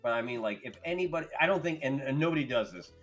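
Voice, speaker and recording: A man's voice: medium pitch, animated, a bit bright, faint music behind. A man co-hosting a casual live-streamed podcast, rambling and swearing freely. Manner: rambling, profane, quick to laugh.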